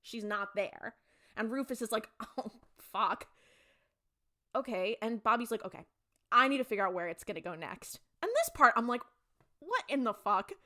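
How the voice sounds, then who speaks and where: Bright and pushed, this young woman's voice sits on the high side and moves fairly quickly with lots of expression. As a podcast co-host, she animatedly recounts a TV episode in casual conversation, performing the characters' lines herself.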